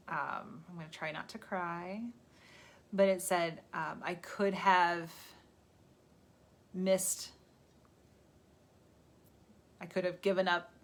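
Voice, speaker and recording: A woman's voice: lowish voice, a bit bright. A woman hosting a live stream, giving a casual motivational talk in a chatty, rambling way and laughing at herself. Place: indoors, livestream. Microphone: phone or webcam on a live stream.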